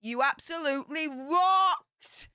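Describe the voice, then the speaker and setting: A woman's voice: high voice, slow, bright, forceful tone, dry recording, studio quality. A woman with a Yorkshire accent hosting a livestream, chatting casually and greeting viewers one by one in a bubbly, chatty way. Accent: Yorkshire English. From Yorkshire, England. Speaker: YouTube livestream host.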